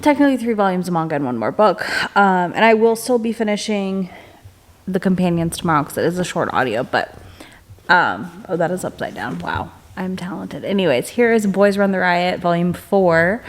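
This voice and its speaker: A woman's voice: fairly low pitch, lively intonation, moderate pace. Young woman, book vlogger, chatty, upbeat, filler words, casual home vlog. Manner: hushed late-night whisper. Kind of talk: casual reading vlog chat.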